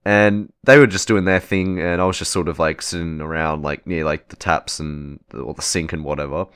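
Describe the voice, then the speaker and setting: A man's voice: very deep voice, steady tone, brisk, fairly bright tone, smooth, dry recording, studio quality. A teenage boy hosting his channel, telling a story in a rambling, casual way, often tagging lines with "right?" and "okay?" and swearing freely. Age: teens. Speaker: channel host.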